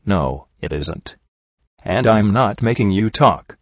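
A blunt, dry-witted pony mare speaks matter-of-factly, as a man puts her on. The voice is low for a mare. The recording is dead dry and slightly muffled. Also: expressive, takes it slowly, no echo. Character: blunt, snarky adult female pony mare. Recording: dull, dry home recording.

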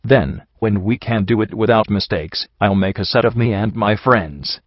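A man's voice: fairly low pitch, moderate pace, dry recording, lightly acted. A man reading a storybook voices a refined, composed female unicorn who speaks in clipped, terse lines. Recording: dull lo-fi recording.

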